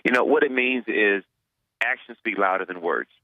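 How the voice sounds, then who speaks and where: A man's voice: lowish voice, normal speed, bright, forceful tone, dry recording, lo-fi sound. A man, a pastor, answering interview questions earnestly, often repeating words as he searches for them.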